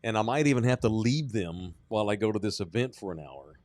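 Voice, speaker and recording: A man's voice: lowish voice, animated, a little fast, darkish tone, no room sound. A man hosting a sports podcast, chatting casually and rambling in a self-deprecating way. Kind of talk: casual chat.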